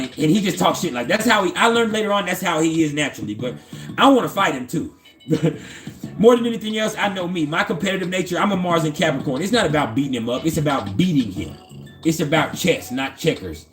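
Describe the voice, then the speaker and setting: A man's voice: fairly high pitch, lively intonation, brisk, soft background music. Streetwise man telling a profane story. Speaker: astrology channel host. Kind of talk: casual personal storytelling.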